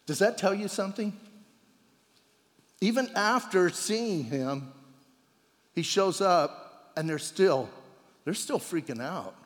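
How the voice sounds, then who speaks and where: A male pastor delivers a lively, conversational sermon, acting out the quoted lines as he goes. His voice sits high for a man. It rings with the long reverb of a large church hall. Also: takes it slowly, long pauses. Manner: conversational, animated, acts out quoted dialogue.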